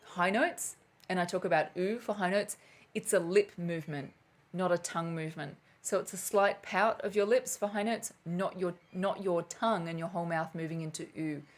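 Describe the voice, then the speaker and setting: A woman's voice: lowish voice, normal speed. A woman hosting a live flute lesson and Q&A, chatty and self-deprecating, laughing at herself as she loses her thread. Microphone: camera mic on a live stream.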